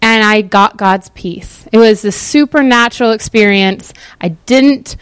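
A woman's voice: medium pitch, unhurried, clean tone, dry recording. Chatty woman giving a casual Bible talk. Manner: chatty, animated, lots of fillers. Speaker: Bible teacher. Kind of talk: casual sermon-style Bible teaching.

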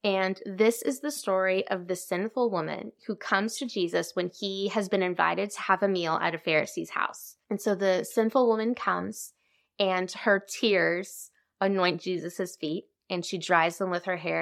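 A woman hosting a devotional podcast, teaching in a reflective, conversational way that sometimes drops to a hush. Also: on the low side, creaky. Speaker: podcast host.

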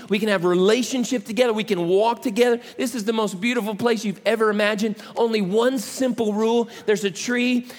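A preacher speaking as an earnest, loving creator who lays down one rule and stresses it with repetition. The voice sits high for a man, and a long reverb from a wide hall trails after each phrase. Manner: earnest, emphatic, repeating words. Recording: echoey hall.

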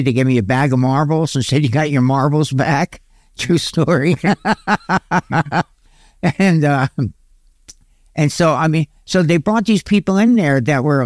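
A man's voice: darkish tone, no echo, studio quality. A middle-aged man telling his recovery story in a folksy, self-mocking way and often laughing at himself. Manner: folksy, self-mocking, quotes sayings in a deeper voice. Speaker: guest. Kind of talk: candid storytelling about recovery.

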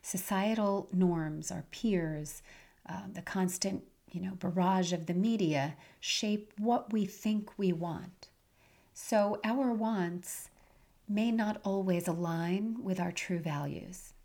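A middle-aged woman hosting a podcast, earnest and motivational, her voice hoarse and nasal from a head cold. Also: fairly low pitch, takes it slowly, warm tone. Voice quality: raspy. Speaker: podcast host and life coach. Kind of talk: podcast monologue.

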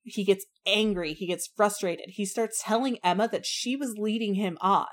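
Frank, animated woman in casual chat. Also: medium pitch, normal speed. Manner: animated, frank, slangy, acts out quotes. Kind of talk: casual book discussion chat.

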